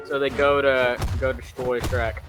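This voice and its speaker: A man's voice: mid-range voice, little pitch movement, measured pace, over music. A young man hosting, casually retelling a film plot in rambling fashion, full of fillers and self-corrections. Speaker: host.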